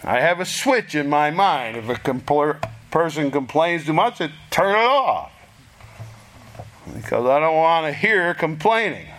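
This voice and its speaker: A man preaching a sermon in a slow, deliberate way, pausing for effect and acting out prayers in a pleading voice. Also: on the high side, expressive, fairly bright tone. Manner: slow, deliberate delivery with dramatic pauses; acts out prayers in a raised, pleading voice.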